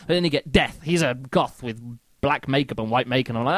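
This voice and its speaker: A man's voice: mid-range voice, fast, no echo, clean studio sound. A man giving a casual spoken book review, rambling and chatty, full of fillers and mock-quoted reactions.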